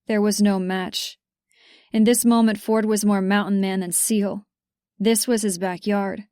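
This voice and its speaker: A woman's voice: medium pitch, steady tone, a little slow, mellow, clear, resonant tone, no room sound. Woman reading an action romance book, urgent and tense, dry close sound. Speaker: audiobook narrator. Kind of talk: first-person romance audiobook narration.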